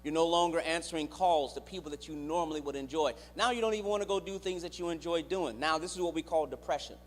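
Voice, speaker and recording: High-voiced man teaching in a reverberant hall. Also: fast talker, a little hiss or hum. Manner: engages the audience directly, acts out quoted voices. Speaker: clinician giving a teaching at church. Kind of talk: church teaching with call-and-response. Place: church sanctuary. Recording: reverberant church hall on a live stream.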